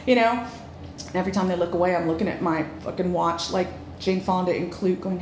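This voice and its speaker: A woman guest telling a frank story in a casual chat, animated and quick to laugh. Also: mid-range voice, vocal fry. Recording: echoey room, faint noise.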